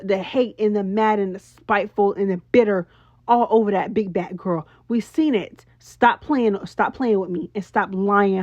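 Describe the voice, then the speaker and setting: A woman recaps a reality show in a sassy, animated way, piling on slang and talking straight to her viewers. Her voice sits a touch high. The sound is dry and a bit muffled, like a simple home setup. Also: no room sound. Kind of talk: casual recap commentary.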